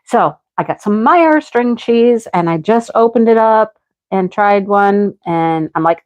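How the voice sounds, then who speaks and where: A woman's voice: medium pitch, lively intonation, measured pace, lo-fi sound. A woman hosting a live craft stream, chatting casually and greeting viewers by name while she works. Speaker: craft livestream host.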